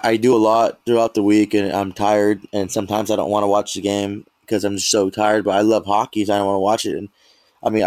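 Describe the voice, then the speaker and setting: Dude on a sports podcast, kinda low voice, dry sound, earnest and a bit repetitive. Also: male voice, darkish tone, dry recording. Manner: earnest, repeats himself, casual. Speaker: podcast co-host. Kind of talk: casual sports chat.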